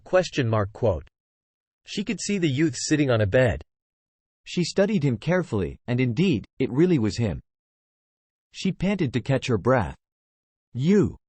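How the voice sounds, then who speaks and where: A man's voice: medium pitch, a little mellow, dry recording. A synthetic male voice narrating a novel as scripted narration, reading punctuation marks aloud. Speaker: audiobook narrator.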